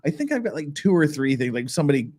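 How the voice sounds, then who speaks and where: A man's voice: on the high side, very animated, fast, darkish tone. A man hosting a casual livestream chat, reading viewer messages with frequent laughs, restarts and a rambling manner. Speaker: channel host.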